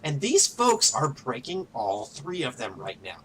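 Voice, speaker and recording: A man voicing a menacing, bossy male train captain in a mech suit who shouts about his rules. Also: mid-range voice, wildly swooping pitch, a little slow, recorded from a distance, slight background noise, poor audio. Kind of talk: game master voicing a character.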